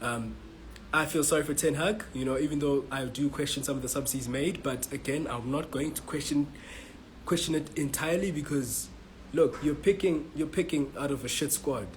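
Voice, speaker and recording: A man's voice: fairly high pitch, normal speed, a little hiss or hum, rough recording. A man from South Africa giving a frustrated, swearing match reaction as a football fan vlogger, stumbling and repeating himself. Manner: frustrated, swearing, repetitive restarts.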